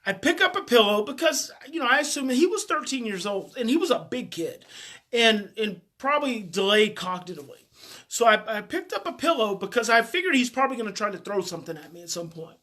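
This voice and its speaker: A man's voice: sits high, big pitch swings, a little fast, pushed and bright. A man, a parenting educator, telling a personal story in a heartfelt way and often repeating his phrases.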